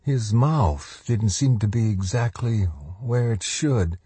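A man narrating a horror audiobook in a measured, grave reading style. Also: medium pitch, dark tone, husky, no room sound.

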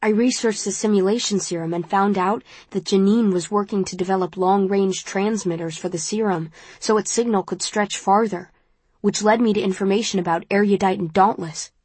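A woman's voice: medium pitch, fairly even intonation, normal speed, a little mellow, slightly rough, dry recording, close to an everyday voice. A woman voicing an earnest young man, a worried brother, in an audiobook reading.

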